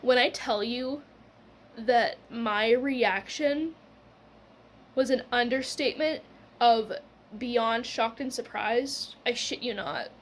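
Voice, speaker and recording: A woman's voice: a little high, takes it slowly, slight background noise. A young woman telling a personal story in a casual, rambling way, with lots of "like" and "whatever" and laughs along the way.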